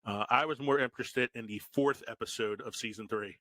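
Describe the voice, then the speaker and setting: In a brisk, bright, forceful medium-pitched voice, this forties-aged co-host from Philadelphia, US, chats casually on his podcast. He laughs a lot and swears through his stories, and the recording has no room sound.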